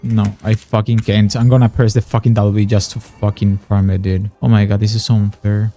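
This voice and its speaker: Swearing young gamer, dark voice. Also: male voice, fairly low pitch, little pitch movement, normal speed, faint music behind. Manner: frustrated, swearing, sarcastic. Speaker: gaming YouTuber. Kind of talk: gameplay commentary.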